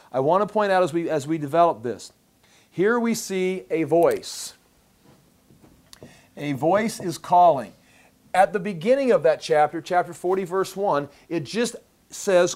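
A man's voice: fairly high pitch, darkish tone. Man teaching a Bible passage. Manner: conversational, repeats words when restarting, reads scripture aloud. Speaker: pastor teaching scripture.

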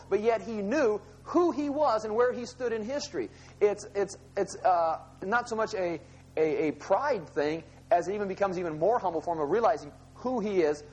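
A man's voice: sits high, slightly rough, low-quality recording. A man preaching a conversational sermon, retelling scripture scenes in casual everyday dialogue. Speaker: pastor.

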